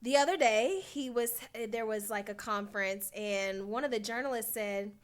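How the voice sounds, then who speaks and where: Podcast lady, fairly high voice, gets heated and animated, lots of ums and likes. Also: normal speed, few pauses. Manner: animated, indignant commentary with fillers. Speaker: podcast co-host. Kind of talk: casual chat.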